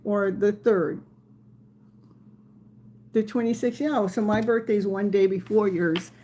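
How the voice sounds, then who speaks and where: During her live tarot stream, a woman in her sixties chats casually through viewer comments, laughing frequently and baby-talking her dog in a playful way. She speaks slowly in a warm, steady, mid-range voice, with a little hiss or hum in the audio.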